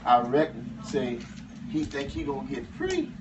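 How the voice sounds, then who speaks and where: A man's voice: medium pitch, wildly swooping pitch, unhurried. A man playing an enslaved man in his thirties, telling a humorous tale to a live audience in dialect, with chuckling asides. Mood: folksy. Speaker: living history performer. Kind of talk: first-person historical storytelling to a live audience. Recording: muffled, distant, noisy live recording.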